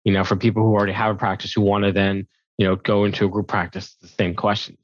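A man's voice: lowish voice, little pitch movement, quick pace, no room sound, lo-fi sound. A man co-hosting a podcast as an attorney, talking in a rambling way and restarting his sentences, recorded in a hotel room. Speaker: co-host, attorney. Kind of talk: podcast interview.

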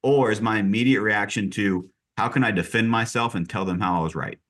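A man who leads a real estate team, telling stories in an energetic, direct and emphatic way during a podcast conversation. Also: lowish voice, a little fast.

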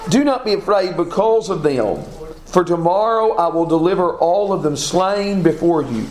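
A man leading a Bible class, reading scripture aloud and quizzing his students. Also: fairly high pitch. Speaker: Bible study teacher. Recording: echoey room with faint noise.

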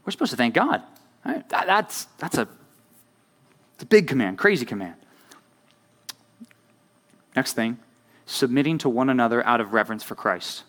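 With a mid-range, fairly bright voice that's very animated, this young man speaks at a moderate pace and leaves long pauses. He's a youth pastor delivering a sermon to a youth group in a relaxed, conversational way. Over and over he asks "right?" to check in with his audience.

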